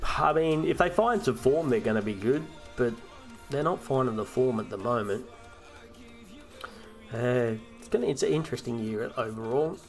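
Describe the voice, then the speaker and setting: Australian male streamer, gravelly mid voice, casual, ranty and profane. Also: medium pitch, lively intonation, moderate pace, faint music behind. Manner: ranting and swearing, with frequent restarts. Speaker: host of a fantasy football live stream. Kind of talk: casual live-stream chat.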